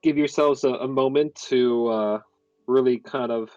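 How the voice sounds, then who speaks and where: A man's voice: mid-range voice, fairly even intonation, moderate pace, darkish tone, no echo, soft background music. Man, game master, chatty, rambling, lo-fi, dry recording. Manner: rambling, chatty, many fillers. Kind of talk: narrating a tabletop game. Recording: dull lo-fi, dry.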